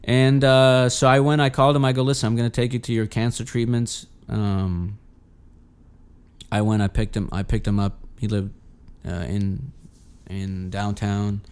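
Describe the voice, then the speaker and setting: A man's voice: fairly low pitch, level tone, moderate pace, a little mellow, clear, resonant tone. A man guesting on a podcast, telling a personal story in a rambling, profane way with many restarts. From Los Angeles. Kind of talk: casual storytelling.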